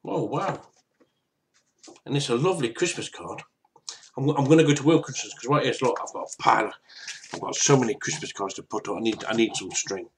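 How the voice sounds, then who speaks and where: A YouTuber chats casually to camera in a vlog, rambling, stammering and repeating himself a lot. His medium-pitched voice is brisk, with a little hiss or hum in the recording.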